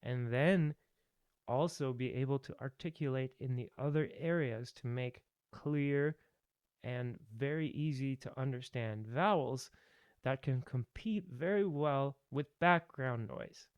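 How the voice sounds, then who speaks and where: A man's voice: mid-range voice, measured pace, smooth, no room sound. A man giving a voice tutorial, opinionated and emphatic, ranting at times. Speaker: voice teacher. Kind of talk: tutorial with rants.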